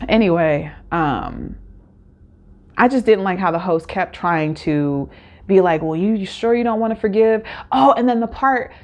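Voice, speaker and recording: A woman's voice: medium pitch, unhurried, darkish tone. Chatty woman recapping a show. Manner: chatty, candid, lots of fillers and acted quotes. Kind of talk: casual solo recap chat.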